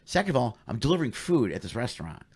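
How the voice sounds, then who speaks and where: A man hosting a casual comedy podcast, telling stories in an excited way and acting out the people he quotes. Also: mid-range voice, breathy edge. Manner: fast, excited, acts out shouted quotes. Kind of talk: casual chat, animated storytelling.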